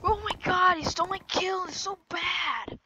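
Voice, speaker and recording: A woman giving excitable, joking live commentary over her own gameplay, often yelling at the game. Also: very high voice, normal speed, highs cut off, very noisy. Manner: excitable, jokey, yells at the game. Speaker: gaming YouTuber.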